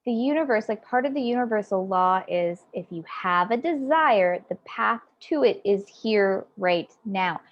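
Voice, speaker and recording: A woman guest speaking as a psychic in a casual interview, animated, swinging from loud emphasis to quiet asides. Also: medium pitch, measured pace, hardly any pauses, highs cut off.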